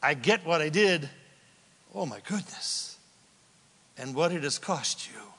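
Impassioned high-voiced preacher in a hall. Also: male voice, animated, slow pace, long pauses. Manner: impassioned preaching, builds to shouts then drops to a hush. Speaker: pastor. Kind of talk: sermon.

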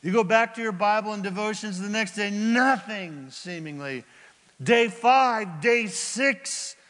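A man preaching an expository sermon, animated, asking the congregation questions and acting out the characters in the story. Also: sits high, measured pace, big-room sound. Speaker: pastor.

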